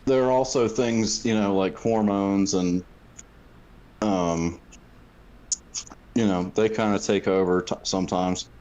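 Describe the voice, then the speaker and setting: A man chatting casually on a podcast, telling stories with a lot of swearing and halting restarts. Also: on the low side, fairly even intonation, darkish tone. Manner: storytelling, profane, hesitant restarts. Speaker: podcast guest. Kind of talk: casual chat. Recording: dull lo-fi audio.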